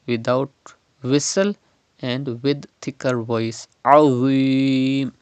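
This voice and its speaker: A man teaching Quran recitation step by step, slowly modelling and repeating each word's pronunciation. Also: medium pitch, a bit bright, no echo, muffled recording.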